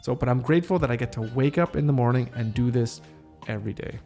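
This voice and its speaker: A man with a gravelly edge to his voice rehearses a script alone, trying out each line and pausing to question and reword it. His pitch sits in an ordinary middle range. A little music plays faintly behind him. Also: warm tone. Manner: reads lines aloud, stops to rethink and reword. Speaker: podcast host. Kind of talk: casual solo script rehearsal.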